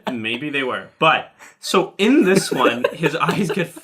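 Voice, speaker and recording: A man co-hosting a casual film podcast, relaxed and chiming in with agreement. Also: fairly high pitch, takes it slowly, a crowd in the background. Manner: relaxed, chimes in with short agreements. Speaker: podcast co-host.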